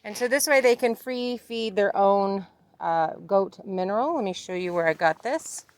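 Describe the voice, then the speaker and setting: A woman's voice: mid-range voice, moderate pace, darkish tone. A middle-aged woman hosting a casual homesteading vlog, chatting about goat care outdoors on her farm and laughing at her own slip-ups. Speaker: homesteading vlogger.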